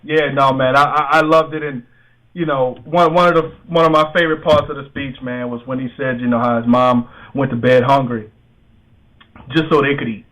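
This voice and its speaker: A man's voice: mid-range voice, fairly even intonation, moderate pace, fairly bright tone, rough recording. A man hosting a casual sports talk radio show, rambling with many fillers and restarts, with an American accent.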